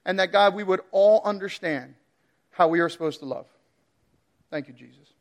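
A man with a fairly high voice delivers a sermon. He laughs often and acts out his pets' voices in playful asides. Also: moderate pace. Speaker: preacher.

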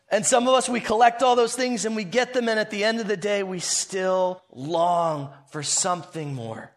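High-voiced preaching man. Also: normal speed, hardly any pauses. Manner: dynamic preaching, rising loud then dropping soft. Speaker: pastor. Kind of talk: sermon.

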